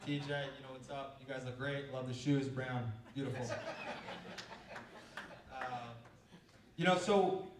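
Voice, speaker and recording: Rambling young coach in a roomy hall. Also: male voice, medium pitch, steady tone, a little slow, pauses often, distant mic, background noise. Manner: rambling, filler-heavy storytelling. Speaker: college baseball coach. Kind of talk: speech to an audience. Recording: roomy sound from off-mic.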